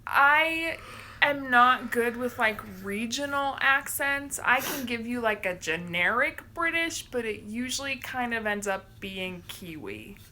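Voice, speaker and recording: A woman chatting casually on a home livestream, rambling and quick to laugh. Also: a little high, animated, sharp tone, slight background noise. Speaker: livestream co-host. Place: home, indoors.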